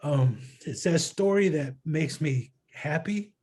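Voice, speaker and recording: A man's voice: fairly high pitch, expressive, slow, a little mellow, slightly rough. A man telling a personal story in a casual interview, acting out a friend's lines with quoted dialogue in an earnest way. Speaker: guest filmmaker.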